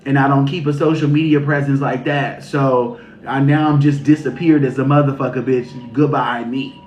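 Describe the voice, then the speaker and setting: A man's voice: mid-range voice, fairly even intonation, moderate pace, darkish tone, slight background noise. Casual, profane man giving a spiritual reading. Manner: casual, profane, repeats phrases, laughs often. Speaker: intuitive reader channeling messages. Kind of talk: live-streamed spiritual reading. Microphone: phone during a live stream. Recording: roomy, slightly muffled stream audio with faint music.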